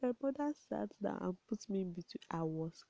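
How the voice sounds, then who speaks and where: A young woman, chatting casually to camera in a rambling storytelling way, often dropping to soft asides. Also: medium pitch, expressive, a little fast, creaky, no room sound. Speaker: vlogger. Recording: dull, lo-fi home recording.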